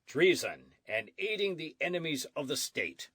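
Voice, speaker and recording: A man voicing a blunt military sergeant who answers in short, flat, matter-of-fact orders. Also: on the high side, normal speed, husky, dry recording, voice pushed up, heavily acted. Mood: curt. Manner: curt, repetitive, matter-of-fact.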